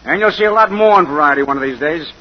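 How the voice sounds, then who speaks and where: A man's voice: a little high, expressive, quick pace, close to an everyday voice. An actor playing a jealous, bullying male dance partner who sneers in slangy tough talk, in 1940s radio acting. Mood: sneering. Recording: dull lo-fi 1940s radio recording with hiss.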